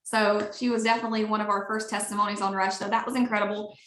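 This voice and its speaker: A woman with an Alabama accent giving an upbeat, gushing sales pitch on a video call. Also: little pitch movement, quick pace, fairly bright tone, reverberant, a little hiss or hum. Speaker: network marketing leader.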